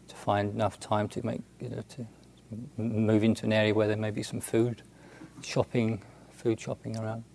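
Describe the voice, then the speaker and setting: A man, a Buddhist monk, telling a story in a halting, unhurried way with many restarts and fillers. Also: on the low side, little pitch movement, vocal fry, a little mellow. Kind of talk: storytelling talk.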